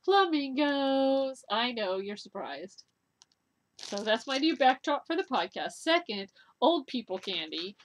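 A woman's voice: mid-range voice, big pitch swings, measured pace. A middle-aged woman hosting a knitting video podcast, chatting to camera in an enthusiastic, gushing way with many ums and laughs. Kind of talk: casual chat to camera.

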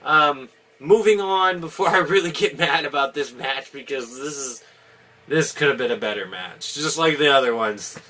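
A man's voice: mid-range voice, normal speed, pushed and bright. A man giving a casual, opinionated video review, rambling with many restarts and fillers. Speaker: wrestling reviewer.

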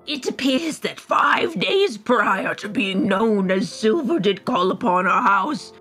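A woman's voice: medium pitch, lively intonation, slow pace, fairly bright tone, soft background music. A woman doing a haughty old duke in a mock accent. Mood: stiff formal. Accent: put-on mock British, drifting Scottish-Irish. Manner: haughty, stiffly formal and scolding. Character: stern old male duke, scolding father. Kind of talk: live manga reading with voices.

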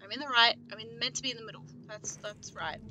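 A woman streaming a video game live, swearing and shouting at the screen one moment and muttering to herself the next. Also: on the high side, fast, slight background noise. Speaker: gaming streamer.

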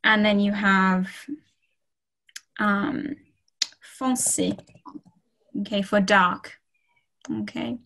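Woman tutor, unhurried and chatty, filler-heavy casual delivery, video call audio. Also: mid-range voice, steady tone, sharp tone, poor audio. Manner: slow, friendly, many ums and okays. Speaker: French tutor. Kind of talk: casual online language lesson.

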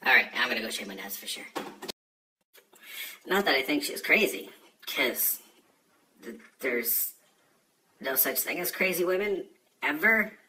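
A man's voice: mid-range voice, very animated, a little slow, long pauses, pushed and bright, recorded from a distance, a little hiss or hum, rough recording. A man ranting crudely into his phone, rambling and joking with constant swearing. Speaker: social media video maker. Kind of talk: crude casual rant to camera.

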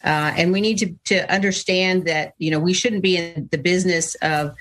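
A middle-aged woman, a politician in a television interview, answering in a measured way with frequent pauses and filler sounds. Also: on the low side, fairly even intonation, a bit bright.

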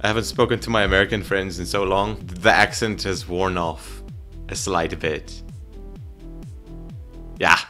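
A man's voice: sits low, fairly even intonation, unhurried, long pauses, bright, forceful tone, faint music behind. A man rambling casually at his webcam in a room at home, joking at himself while he fiddles with camera settings. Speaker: YouTuber.

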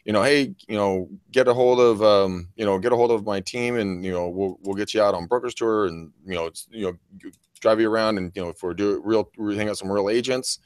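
A man's voice: on the low side, a little fast, clear, resonant tone, no echo, studio quality. A middle-aged man co-hosting a podcast, telling a rambling story in casual chat, swearing freely and laughing often. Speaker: podcast co-host.

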